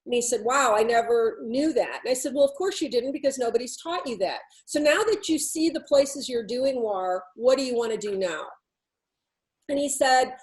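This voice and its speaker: A woman with a high voice tells a story in an animated way. She acts out both sides of a conversation as she goes, speaking as a consultant to her listeners. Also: normal speed, low-quality recording. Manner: animated storytelling with quoted dialogue. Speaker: podcast host and workplace consultant. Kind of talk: storytelling talk.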